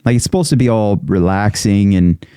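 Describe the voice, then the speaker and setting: A man's voice: on the low side, normal speed, mellow, smooth, no room sound, clean studio sound. A young man co-hosting a podcast, chatting in a crude, candid, rambling way. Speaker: podcast co-host. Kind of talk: casual chat. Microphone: studio podcast mic.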